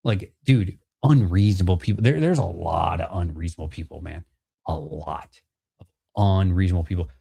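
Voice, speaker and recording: A man's voice: low voice, normal speed, creaky, breathy edge. Casual swearing man telling a vendor story. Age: adult with a child. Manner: animated, swearing, acts out both sides of a haggle. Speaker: card vendor and channel host.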